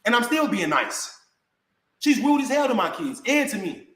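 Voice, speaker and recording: A man's voice: very high voice, big pitch swings, moderate pace, fairly bright tone. Indignant man ranting in an echoey room. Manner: indignant, repetitive, addresses viewers as bro. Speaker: vlogger. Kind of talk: heated rant to camera.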